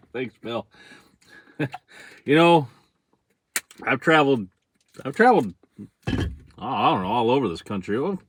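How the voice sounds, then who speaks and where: A middle-aged man from central Michigan with a Michigan accent, chatting casually on a livestream about his fishing charters. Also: medium pitch. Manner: relaxed, chatty, greets viewers by name, chuckles often.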